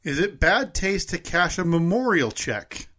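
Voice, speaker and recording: A man's voice: high-pitched, very animated, unhurried, sharp tone. A man co-hosting a podcast in casual chat, reading out poll results and laughing easily. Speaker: podcast co-host.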